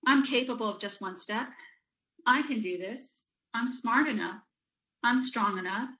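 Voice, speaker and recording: A woman's voice: on the high side, measured pace, poor audio. A woman voicing a schoolchild who is frustrated with homework, speaking as the child in first person. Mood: encouraging. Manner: complaining, then talking self into calm.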